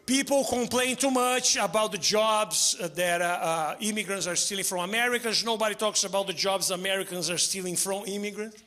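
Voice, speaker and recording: A man doing stand-up comedy, deadpan and chuckling at his own jokes, on a stage mic. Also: high-pitched, a little fast, few pauses, soft background music. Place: theater stage before a live audience. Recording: live show with crowd laughter. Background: audience laughter.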